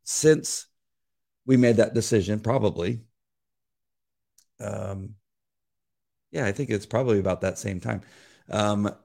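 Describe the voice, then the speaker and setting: A man co-hosting a podcast, speaking in a measured, thoughtful way and searching for his words. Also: lowish voice, creaky, a little mellow. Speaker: podcast co-host. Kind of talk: casual faith conversation.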